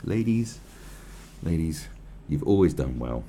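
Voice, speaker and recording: Deep, lively-voiced sarcastic man. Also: slow pace, slight background noise. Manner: profane, rambling, sarcastic. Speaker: commentator. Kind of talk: commentary on a news article.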